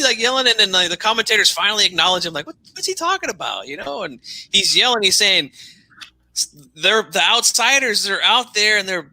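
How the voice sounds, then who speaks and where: A man hosting a casual wrestling talk show, telling stories in an animated way and often tacking on "man". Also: high-pitched, no room sound, rough recording. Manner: animated storyteller, says "man" a lot. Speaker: wrestling podcast host. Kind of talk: casual chat.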